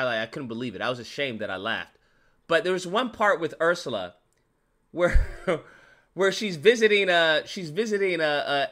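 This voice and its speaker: Animated, bright-voiced young man ranting. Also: on the high side. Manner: animated, slangy, repeats himself, frequent "bro". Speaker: movie reviewer. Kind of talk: casual movie review rant.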